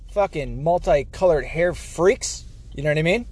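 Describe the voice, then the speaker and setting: A man's voice: a little high, animated, moderate pace, darkish tone, slightly rough. A man from the United States ranting heatedly and sarcastically to the camera, swearing often. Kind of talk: profane political rant.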